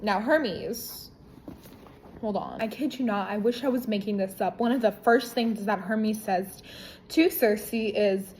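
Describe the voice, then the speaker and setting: A woman casually reviewing a book, retelling the plot in an irreverent, profane, animated way. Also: medium pitch, measured pace, a little hiss or hum, poor audio.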